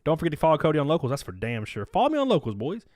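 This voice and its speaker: A man in his thirties talks casually to his live chat, swearing freely as he rambles from one story to the next. His voice sits a bit high for a man and swings up and down with energy. The sound is dry and close, with no room echo. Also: rapid-fire. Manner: profane, rambling, animated. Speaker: livestream host.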